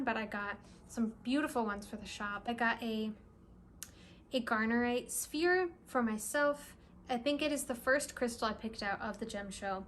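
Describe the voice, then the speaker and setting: A young woman who runs a crystal shop, talking through her purchases in a casual, excitable vlog with lots of "like" and "really, really". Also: a little high, slight background noise. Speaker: crystal shop owner and vlogger. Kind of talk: casual show-and-tell vlog.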